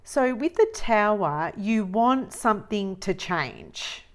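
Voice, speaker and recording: A woman giving a tarot reading, musing slowly and repeating phrases as she reads the cards. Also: medium pitch, animated. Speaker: tarot reader.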